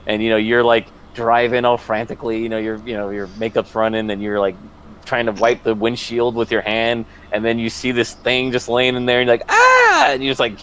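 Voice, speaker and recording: A man's voice: mid-range voice, level tone, a little fast, a bit bright, slight background noise. A man telling stories in a rambling, self-mocking way in casual podcast chat, often laughing.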